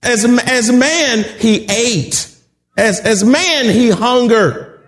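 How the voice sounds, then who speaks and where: A man preaching a sermon, emphatic and animated, at times shouting and chuckling as he drives his points home. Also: extremely high pitch. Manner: drawn-out, emphatic delivery.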